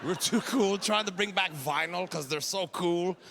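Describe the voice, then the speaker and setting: A man in his forties with a Quebec French accent, doing an exasperated, ranting stand-up set and shouting his punchlines. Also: sits high, normal speed, creaky. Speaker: stand-up comedian. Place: comedy festival stage. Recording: noisy live stage recording.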